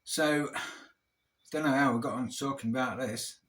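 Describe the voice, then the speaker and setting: A man's voice: medium pitch, steady tone, moderate pace, a bit bright. A British man talking in a casual, rambling monologue over a beer, blunt and swearing heavily. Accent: British English. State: drinking beer. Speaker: vlogger.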